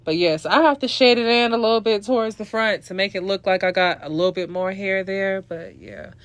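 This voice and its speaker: A woman's voice: medium pitch, brisk, clear, resonant tone, no room sound. Young woman doing a sassy chatty makeup tutorial voiceover, dry close sound. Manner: sassy, chatty, talks straight to viewers. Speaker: beauty vlogger.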